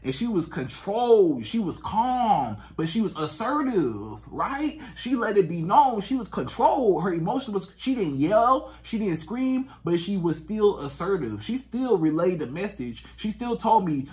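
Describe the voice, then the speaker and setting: A dating coach speaks straight to camera in a high, sing-song voice at a moderate pace, hardly pausing. His advice monologue is blunt and emphatic, full of repeated catchphrases.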